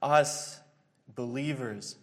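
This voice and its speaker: A man preaching an expository sermon in an earnest, halting way, with many fillers and restarts. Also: medium pitch.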